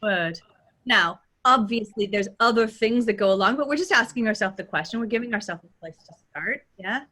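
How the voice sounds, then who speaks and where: A woman with a Californian accent, teaching as a dialect coach and demonstrating sounds in a lively way, often checking in with "right?". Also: fairly high pitch, a little fast. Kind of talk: teaching pronunciation in a workshop.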